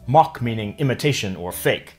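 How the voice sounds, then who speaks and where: A man narrating a scripted language lesson, explaining clearly and stretching example words out slowly. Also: mid-range voice, animated, faint music behind. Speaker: language teacher.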